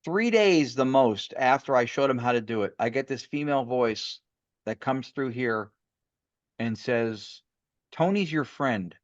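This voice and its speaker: Man, podcast guest, mid-pitch, eager rambling storyteller, muffled lo-fi sound. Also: a little slow, no echo. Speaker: guest paranormal investigator. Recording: muffled lo-fi audio.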